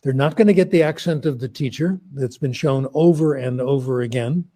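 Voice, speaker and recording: Older man with a mellow, warm tone and a slightly husky edge, talking in an easygoing, anecdotal way. He makes academic points through conversational stories. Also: medium pitch, moderate pace. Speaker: guest speaker.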